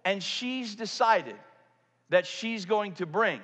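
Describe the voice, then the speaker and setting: High-voiced preaching man in a reverberant hall. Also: lively intonation, slow pace. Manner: dramatic, swings from loud to hushed. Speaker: pastor. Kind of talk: sermon.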